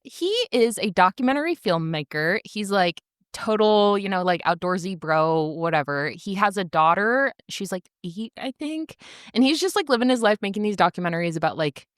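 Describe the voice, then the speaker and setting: A woman's voice: medium pitch, expressive, normal speed, clean tone, dry recording, clean studio sound. A woman co-hosting a podcast, chatting enthusiastically and casually, with lots of filler words. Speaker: podcast co-host. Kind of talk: casual chat.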